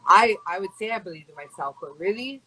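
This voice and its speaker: A woman's voice: medium pitch, lively intonation, fast, sharp tone, a little hiss or hum, low-quality recording. A young woman from Hawaii, a fighter chatting in an interview with a rambling, casual flow. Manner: chatty and rambling, full of "like" and "you know". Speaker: MMA fighter and guest.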